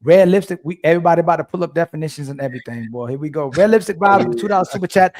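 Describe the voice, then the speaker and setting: Male stream host, slightly high voice, slangy and playful. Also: very fast, hardly any pauses, a little mellow. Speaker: livestream host reading super chats. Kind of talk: casual panel chat.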